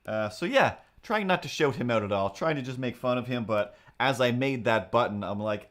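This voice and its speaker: A man's voice: medium pitch, very animated, a little fast, few pauses, fairly bright tone. Rambling male streamer chatting casually. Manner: rambling, with many restarts and asides. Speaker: streamer and artist. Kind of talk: casual live-stream chat.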